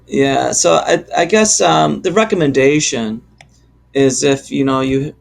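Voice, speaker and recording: A man co-hosting a podcast, explaining insurance questions in a measured, hesitant way with many fillers. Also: mid-range voice, vocal fry. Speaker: insurance expert co-host. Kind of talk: explanatory casual chat.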